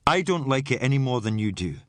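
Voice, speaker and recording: Male narrator voicing firm, measured cop, audiobook, lively pitch, dry read. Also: no echo, natural voice. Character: calm, firm male police officer, steady. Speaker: police officer addressing a meeting.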